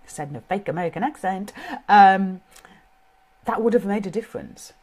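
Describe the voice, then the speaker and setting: A woman's voice: medium pitch, lively intonation, moderate pace, a little mellow. A middle-aged woman with a British accent giving an informal, earnest talk on parenting, thinking aloud as she goes. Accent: British English. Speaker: parenting coach.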